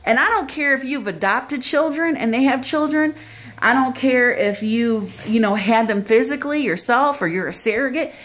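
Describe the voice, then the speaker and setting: Middle-aged grandmother vlogging; preachy and earnest, with a fairly high, animated voice. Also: moderate pace. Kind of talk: casual advice vlog.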